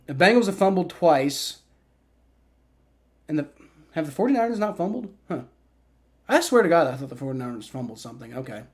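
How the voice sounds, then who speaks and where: Male streamer, high voice, rowdy live play-by-play reactor who talks to chat. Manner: excitable, swears and shouts at bad plays, chats with viewers. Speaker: livestream host.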